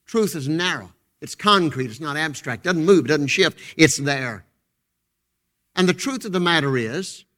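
Guy preaching from the pulpit, high ringing voice, goes from loud and punchy to real quiet and intense, says things over and over. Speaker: pastor. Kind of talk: sermon. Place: church pulpit.

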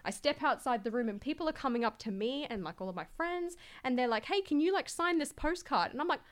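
A woman's voice: high-pitched, expressive, fast talker. A young Australian woman chatting as a podcast guest, filling her speech with "like" and acting out what people said to her. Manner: chatty, fills every phrase with "like", acts out quoted voices. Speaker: guest, LEGO content creator. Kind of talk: casual podcast chat.

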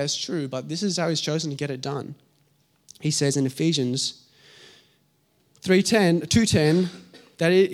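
A young man delivers a sermon in a voice pitched a little high. He tells the story vividly, slipping into the voices of its characters. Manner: animated storytelling, acting out voices in asides. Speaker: preacher.

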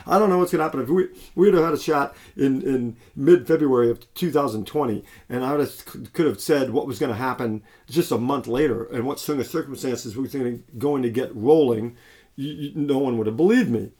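A man's voice: medium pitch, brisk, warm tone. A man preaching a sermon in a conversational way, with frequent restarts and fillers.

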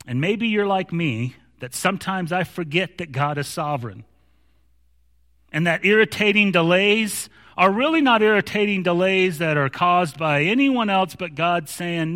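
Pastor guy preaching, kinda high voice, tells stories and gets worked up, restarts a lot. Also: lively intonation, unhurried, pushed and bright, long reverb tail. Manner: storytelling with growing animation, many restarts. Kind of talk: sermon.

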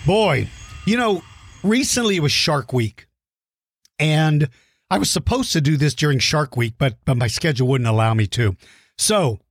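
A man's voice: on the high side, dry recording. Male kids' podcast host, friendly explainer, dry close-mic sound. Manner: friendly, explanatory, repeats words while thinking. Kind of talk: educational talk for kids.

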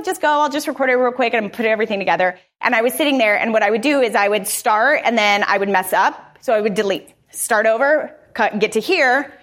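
A woman podcaster giving a live conference talk, energetic, candid and conversational. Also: a little high.

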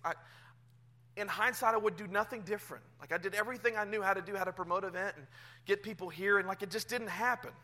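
Man, pastor, sermon in a church, high voice, very bright and forceful, animated storytelling. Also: quick pace, long pauses. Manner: animated storytelling, swinging from hushed to loud. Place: church sanctuary.

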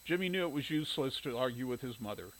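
A man reading a story aloud in steady audiobook narration. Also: mid-range voice, quick pace, rough recording.

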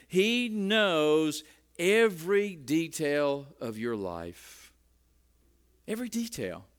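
A middle-aged man preaching a sermon in a conversational way, often repeating words as he starts a phrase. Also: high-pitched. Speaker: pastor.

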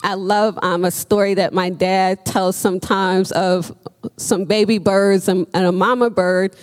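A woman's voice: mid-range voice, fairly even intonation, measured pace, in a large hall. A woman preaching a sermon in an earnest, emphatic way, with frequent ums as she speaks.

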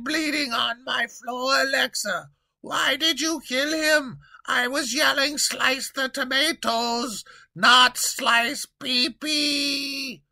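A man voicing a pompous, gluttonous male king who commands loudly and yells when crossed, in a comedic audio story. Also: high voice, creaky, exaggerated voice. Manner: blustery, commanding, prone to yelling.

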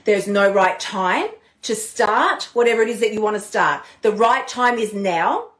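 A woman hosting a live motivational talk as a diet coach, animated and playful, swearing casually. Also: mid-range voice, a little slow, roomy sound. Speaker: podcast host and diet coach.

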